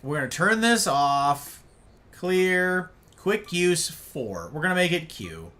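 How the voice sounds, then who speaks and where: Man, game streamer, exasperated ranting, lively swinging pitch, bright tense tone, slow delivery, faint background music. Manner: exasperated, ranting about controls; talks to chat and a friend. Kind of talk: live gameplay stream chat.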